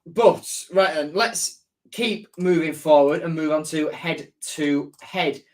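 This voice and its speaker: A man's voice: on the high side, slow pace. Man, football fan stream host, casual, reads viewer comments, takes his time. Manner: chatty, reads out viewer comments and answers them. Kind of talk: casual live-stream match preview.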